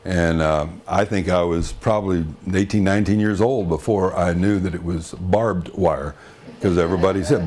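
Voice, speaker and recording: A man's voice: low voice, fairly even intonation, normal speed, a little mellow. A man from Texas with a Texan accent, telling folksy anecdotes in a wry, good-humored way and chuckling often. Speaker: storyteller.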